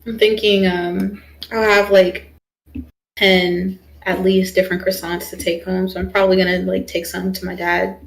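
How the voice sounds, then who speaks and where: A woman's voice: on the low side, level tone, moderate pace, creaky, rough recording. A young woman streamer chatting casually while she draws, rambling with lots of fillers. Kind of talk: casual chat while drawing.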